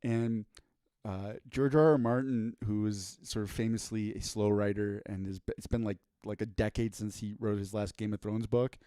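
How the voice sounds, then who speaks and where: A man's voice: lowish voice, fairly even intonation, normal speed, mellow, dry recording, clean studio sound. A man co-hosting a podcast in casual comedic chat, rambling and joking with many restarts. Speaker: podcast co-host.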